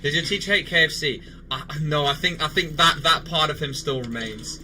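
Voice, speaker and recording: A man's voice: fairly high pitch, brisk, background noise. A young man streaming a game, chatting loosely and laughing often, with many restarts. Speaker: livestreamer. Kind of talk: casual chat while gaming.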